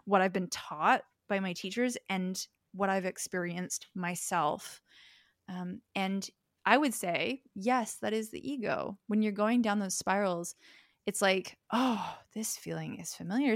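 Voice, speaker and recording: A woman's voice: mid-range voice, measured pace, dry recording. Thoughtful young woman, dry close sound. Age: young adult. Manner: thoughtful, explains with examples. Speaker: podcast guest. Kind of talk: reflective podcast conversation.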